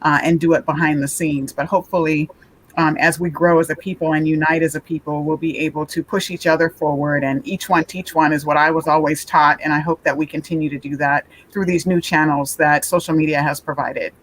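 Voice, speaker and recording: A woman's voice: low voice, flat delivery, brisk. A woman panelist speaking thoughtfully and steadily in a panel discussion.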